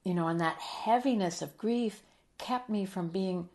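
A middle-aged woman in a heartfelt interview, telling a personal story with earnest emotion, sometimes dropping soft and quiet. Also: mid-range voice, a little slow. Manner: earnest and emotional, drops soft and quiet, then lively when quoting. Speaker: guest.

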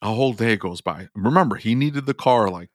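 A man who owns an auto repair shop, telling a story on a podcast in a casual, animated way and acting out both sides of his phone calls. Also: fairly low pitch, a little fast.

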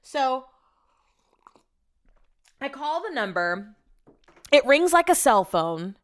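A woman's voice: sits high, big pitch swings, takes it slowly. A woman telling a rambling story in a casual, profane rant, jumping between asides. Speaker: vlogger.

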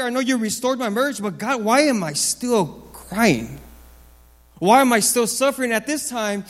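A man with a high voice preaches a sermon in a large hall with a long reverb tail. He hammers his points through repetition and swings between loud, lifted phrases and low, quiet ones.

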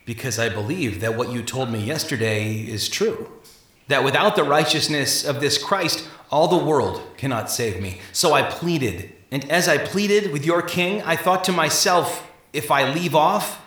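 A man voicing a dejected, bent-over man who speaks quietly and pleads earnestly. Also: mid-range voice, expressive, unhurried, roomy sound.

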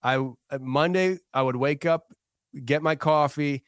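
A man in his thirties, guesting on a casual podcast, tells a story earnestly and from the heart, often restarting sentences as he sorts out his thoughts. His voice is clear, smooth, a little high and a bit bright, at a measured pace. The studio recording is dry and close with no echo.

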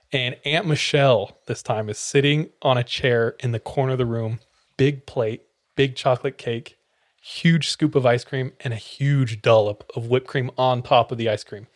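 A young man, a podcast host, telling a funny personal story in casual chat, laughing often and swearing freely. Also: medium pitch.

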